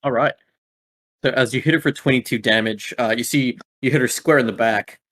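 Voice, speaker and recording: A man's voice: medium pitch, a little fast, fairly bright tone. Laid-back man narrating as game master. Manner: laid-back, full of filler words.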